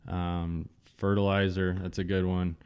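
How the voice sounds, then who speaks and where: A man's voice: sits low, flat delivery, a little slow, darkish tone, smooth. A man with a frank, rambling way of talking, chatting casually as a hemp farmer on a podcast.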